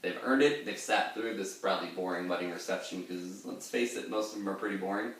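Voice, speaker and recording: A man giving a casual lesson on a poem, rambling through his explanations and sometimes breaking into a loud, gruff pirate voice to read the verses. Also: low voice, a little fast, distant mic. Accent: pirate-style put-on accent in readings. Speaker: literature lecturer. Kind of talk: informal poetry lesson with pirate-voiced readings. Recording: echoey room, voice a bit off-mic.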